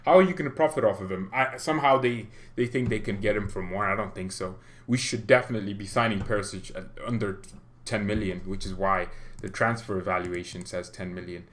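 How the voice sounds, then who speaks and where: A man hosting a football fan livestream, talking in a rambling, excitable way with lots of restarts. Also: on the low side, brisk. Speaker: fan channel host.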